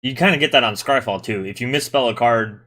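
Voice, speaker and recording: A man's voice: medium pitch, quick pace, bright, forceful tone. A man hosting a casual gaming podcast, chatty and teasing, explaining rules at length. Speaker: podcast host.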